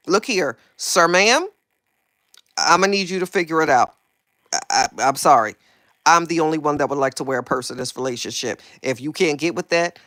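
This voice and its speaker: A woman hosts a casual gossip livestream, sassy and animated, going from loud outbursts to quiet asides. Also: low voice, no echo, studio quality. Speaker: livestream host.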